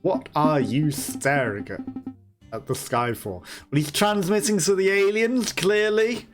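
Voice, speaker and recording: Amused, slow-talking man commentating a game. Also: a little high. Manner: amused, chatty, laughs often. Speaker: let's play host. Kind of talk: gameplay commentary. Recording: voice over game music.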